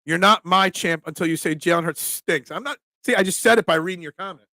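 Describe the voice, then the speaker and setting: A man with a high, bright voice talks football on a live stream, answering viewer comments in an animated, emphatic way. The sound is close and dry, with no room echo. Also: quick pace. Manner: animated, emphatic, reads chat aloud. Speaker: sports talk host reading viewer comments. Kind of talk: casual live-stream chat.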